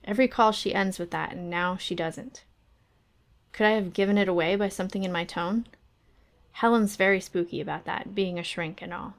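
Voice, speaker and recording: A woman's voice: mid-range voice, fairly even intonation, normal speed. A woman on a book club stream reading a first-person novel aloud in a wry, conversational way.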